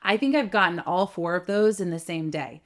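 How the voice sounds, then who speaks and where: A middle-aged woman voice coach talks animatedly to camera in a fairly low voice at a moderate pace. She keeps checking in with "right?" and demonstrates vocal changes as she goes.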